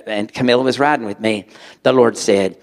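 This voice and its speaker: Animated male preacher in a reverberant hall. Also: medium pitch, fairly quick. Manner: animated, acts out voices, sudden loud outbursts. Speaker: preacher telling a personal story. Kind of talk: storytelling sermon to a live audience.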